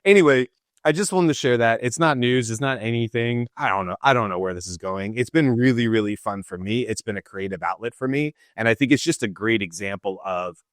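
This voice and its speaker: A man co-hosting a show, telling a story in an animated, laughing way in casual chat. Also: medium pitch, a little fast, no room sound, studio quality. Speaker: show co-host.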